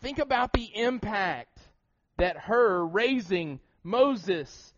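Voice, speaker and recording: A man's voice: high-pitched, lively intonation, slow. Brief: thirties male pastor, Appalachian accent, sermon delivery, tenor-ish voice, slightly muffled recording. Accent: Appalachian American. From Southern United States. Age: 30s. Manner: repetitive restarts, rhetorical questions. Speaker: preacher. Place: church sanctuary. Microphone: shared pulpit mouthpiece mic.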